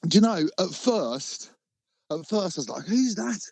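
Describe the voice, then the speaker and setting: A man's voice: on the high side, expressive, moderate pace, creaky, husky, no echo. A man chatting casually on a phone call, laughing often and swearing through the banter. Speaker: prank call target.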